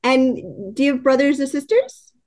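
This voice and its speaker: A woman hosting an interview, enthusiastic and quick to laugh as she asks her questions. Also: sits high, lively intonation, darkish tone. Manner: enthusiastic, giggly, fangirling. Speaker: podcast host, interviewer. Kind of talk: casual interview.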